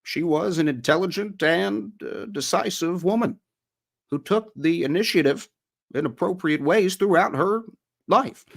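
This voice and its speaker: A man putting on an impression of an older male politician, reading aloud in a measured, slightly Southern-tinged way. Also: high voice, vocal fry, voice pushed up, heavily acted. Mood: earnest.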